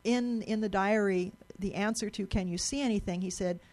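A woman's voice: mid-range voice, normal speed, darkish tone. A woman giving a live presentation to an audience in a lecture room, chatty and explanatory, often restarting and repeating words.

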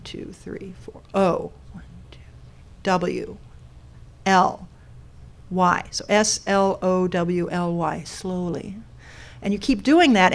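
A woman giving a talk to a live audience, explaining step by step and putting questions to the room. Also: on the low side. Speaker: speaker giving a talk on a code sculpture.

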